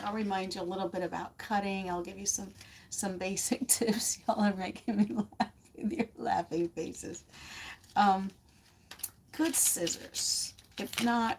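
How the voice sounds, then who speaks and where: A woman's voice: mid-range voice, a little hiss or hum. A woman giving a casual, rambling craft lesson from a home studio, laughing often as she chats with viewers. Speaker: art teacher.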